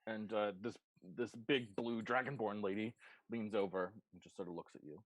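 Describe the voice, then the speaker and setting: Very low-voiced man running a tabletop game. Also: steady tone, moderate pace, no room sound, poor audio. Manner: loose, rambling narration full of ums and restarts. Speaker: game master.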